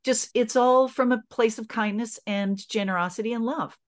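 A woman's voice: a little high, moderate pace. Earnest woman telling a personal story. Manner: emotional, earnest, with restarts. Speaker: podcast guest.

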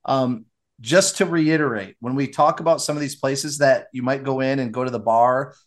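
Upbeat man hosting a casual podcast. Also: medium pitch. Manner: upbeat, opinionated, quick asides. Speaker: podcast host.

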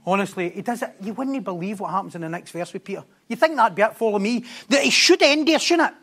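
A male preacher giving an animated sermon, laughing often and putting rhetorical questions to the congregation. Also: high voice, quick pace.

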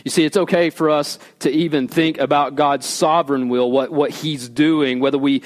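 Casual higher-voiced male pastor preaching. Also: normal speed. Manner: casual and animated, often asks the audience "right?"; drops to a quiet low voice for emphasis. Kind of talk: conversational sermon. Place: church service.

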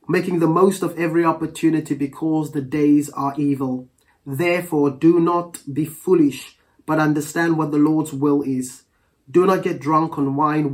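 A preacher delivering a Pentecostal sermon in a mid-pitched voice. They read scripture at a slow, deliberate pace and pray in an earnest, measured cadence, calling on the congregation to answer back. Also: a little mellow. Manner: reads scripture aloud slowly and calls for congregation responses.

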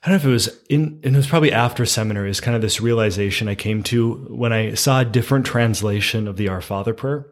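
A man, a priest, earnestly telling a story about forgiveness in a faith conversation, with lively emphasis on key moments. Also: lowish voice, fast talker, hardly any pauses.

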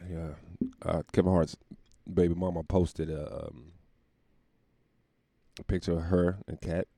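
A man's voice: low voice, flat delivery, a little slow, gravelly, mellow, no echo. A young man hosting a podcast from home, telling stories in a loose, profane, laughing way. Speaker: podcast host. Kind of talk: casual comedic storytelling monologue.

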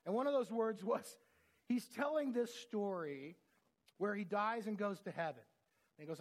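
A man's voice: sits high, moderate pace. A man preaching a sermon, telling stories in an earnest, conversational way.

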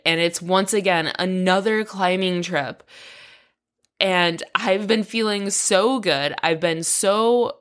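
A woman's voice: medium pitch, a little slow. A woman hosting a personal podcast, talking frankly and with frustration, swearing often and rambling. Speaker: podcast host. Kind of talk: casual personal training update.

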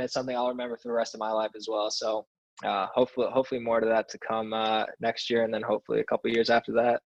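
A young man, a soccer player, telling stories as a podcast guest in a relaxed way, full of fillers and restarts. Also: mid-range voice, fast, lo-fi sound. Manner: relaxed storytelling with many fillers. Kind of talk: casual interview chat.

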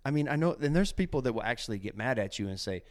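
A man hosting a casual faith podcast, talking in an animated, preachy way and often acting out quotes. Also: medium pitch, quick pace. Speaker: podcast host.

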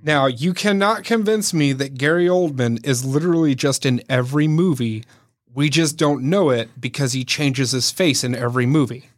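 A man's voice: medium pitch, normal speed. A man co-hosting a podcast, chatting casually about movies with jokes and loose tangents. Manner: joking, rambling movie talk. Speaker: podcast co-host. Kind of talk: casual chat.

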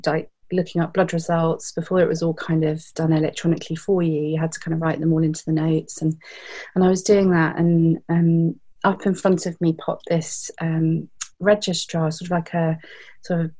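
A woman's voice: deep voice, flat delivery, moderate pace, warm tone. A British woman in her thirties, telling her story candidly as an interview guest, reflective and heartfelt, with plenty of fillers. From Britain.

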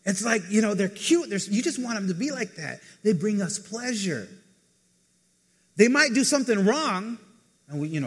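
A man preaching a casual sermon, talking conversationally to the congregation and acting out people's lines in quick asides. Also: high-pitched, sing-song, breathy edge. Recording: reverberant hall.

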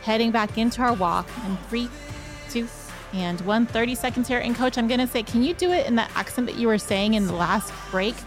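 A woman coaching a guided treadmill workout, calmly counting down each interval. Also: fairly high pitch, fairly quick, faint music behind. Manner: calm, counts down in threes. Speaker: running coach.

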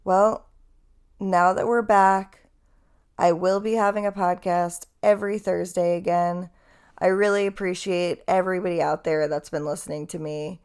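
Chatty woman with a gravelly low voice. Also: level tone, normal speed, a little mellow. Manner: chatty, candid, swears casually. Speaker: podcast host. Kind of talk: casual storytelling monologue.

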